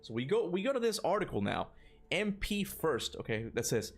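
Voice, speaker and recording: A man's voice: a little high, big pitch swings, normal speed, creaky, faint music behind. A man hosting a casual gaming livestream, rambling with many fillers and restarts, and laughing often. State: burping after lunch. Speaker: gaming channel host.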